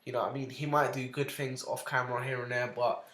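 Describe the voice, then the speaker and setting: A man's voice: medium pitch, little pitch movement, fast talker, a bit bright. A young man co-hosting a casual podcast chat, blunt and opinionated, swearing and mocking in a whiny voice. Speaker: podcast co-host. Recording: roomy echo.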